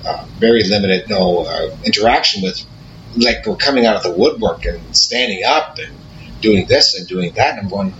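Brief: man, lowish bright voice, halting reflective talk, dull recording with faint hiss. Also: expressive. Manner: halting, searching for words, with restarts. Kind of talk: reflective conversation. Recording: slightly dull audio with faint noise.

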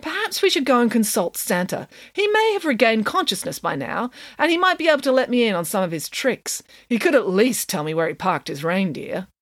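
A woman's voice: fairly high pitch, big pitch swings, fairly quick, few pauses, dry recording, voice pushed up. A woman voicing a boisterous, vain female pig nanny in a storybook reading, with grand, self-assured declarations. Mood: cheerful.

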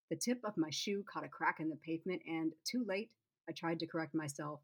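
A woman's voice: sits low, a little fast. A woman author reading first-person narration from her novel, then chatting casually to listeners. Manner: relaxed, chatty aside. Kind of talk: reading her own fiction aloud.

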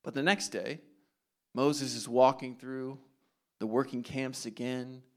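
A man preaching a sermon, retelling a scripture story dramatically and dropping to hushed asides. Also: medium pitch, fairly even intonation, takes it slowly.

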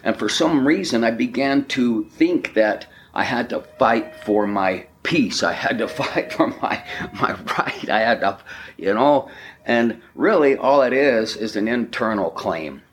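Slow emphatic man giving a spiritual talk. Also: medium pitch, lively intonation. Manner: slow, emphatic, repetitive affirmations. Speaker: spiritual speaker.

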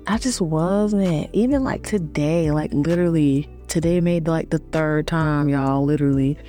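A woman vlogger talking in a relaxed, reflective monologue, chatty and informal with many fillers. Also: low-pitched, moderate pace, soft background music.

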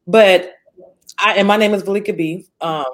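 A woman's voice: mid-range voice, steady tone, moderate pace. A woman hosting her own interview show, asking earnest, encouraging questions. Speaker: host and founder of the show. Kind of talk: interview host.

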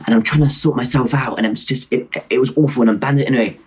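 A man in his twenties from Britain, an excitable, animated storyteller chatting casually as a podcast guest over a video call. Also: medium pitch, fast, breathy edge, poor audio. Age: 20s. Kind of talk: casual chat.

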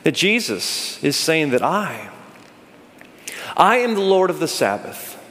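Man, pastor, sermon, high-pitched voice, animated rises and low slow drops, long hall reverb. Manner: asks the congregation to call out answers. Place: church sanctuary.

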